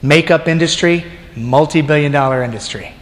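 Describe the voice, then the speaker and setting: A man's voice: a little high, brisk. A man preaching a sermon casually, joking with the congregation and talking to them directly. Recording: long hall reverb.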